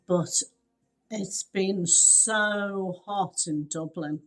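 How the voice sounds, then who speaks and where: A woman's voice: mid-range voice, very slow. Chatty woman co-host telling travel stories. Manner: lively storyteller, acts out quoted dialogue and laughs often. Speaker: podcast co-host. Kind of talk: casual chat.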